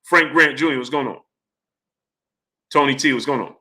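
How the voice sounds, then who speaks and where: A man's voice: medium pitch, normal speed, bright, forceful tone. A man hosting a boxing livestream, talking casually, greeting chatters by name and firing the same question again and again.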